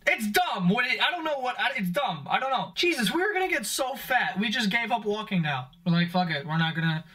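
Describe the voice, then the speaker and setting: Young male vlog host with a high, bright voice who rants to camera with plenty of swearing. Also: very animated, brisk. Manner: profane, exasperated ranting. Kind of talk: comedic rant to camera.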